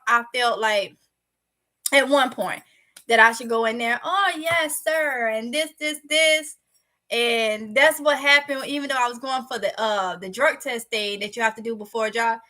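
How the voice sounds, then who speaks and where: A woman from Mississippi with a Southern accent, casually telling her viewers a story in a candid, chatty vlog. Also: on the high side. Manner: chatty, candid, lively retelling. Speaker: vlogger.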